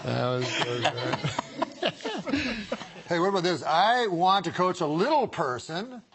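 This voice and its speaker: Man, talk show host, giggly, teasing, lively pitch, noisy recording. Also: a little slow. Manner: giggly, teasing, laughs often. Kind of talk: casual talk show banter.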